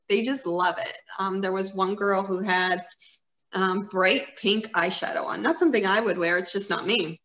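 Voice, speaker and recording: A woman's voice: mid-range voice, sharp tone. A woman in her fifties talking in an earnest, encouraging way, rambling a little with fillers in casual conversation. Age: 50s. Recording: roomy echo.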